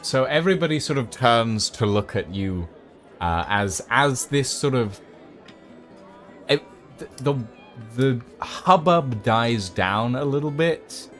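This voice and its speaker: A man running a tabletop game as game master, narrating scenes with many fillers and pauses. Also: mid-range voice, lively intonation, fairly bright tone, faint music behind.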